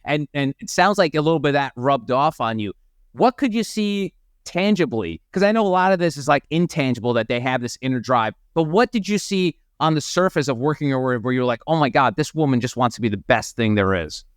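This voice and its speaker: Fast-talking, clear-voiced male host. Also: medium pitch, animated, no echo, studio quality. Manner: eager, quick questions. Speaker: podcast host interviewer. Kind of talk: casual interview.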